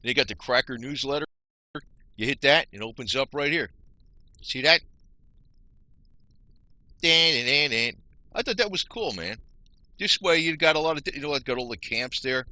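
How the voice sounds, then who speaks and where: A man's voice: medium pitch, animated, moderate pace, pauses often, sharp tone, dry recording. A man rambling frustratedly to his viewers, explaining things on his screen. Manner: rambling, frustrated, talks to viewers as "you guys". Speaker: vlogger. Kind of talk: rambling screen-share rant.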